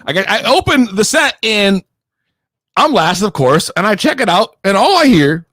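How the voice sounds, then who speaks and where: Young guy from Connecticut, high and very animated. Profane, rambling storyteller. Dry close mic. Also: no room sound. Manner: slangy and rambling with restarts. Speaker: podcast regular telling a story. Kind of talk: casual storytelling.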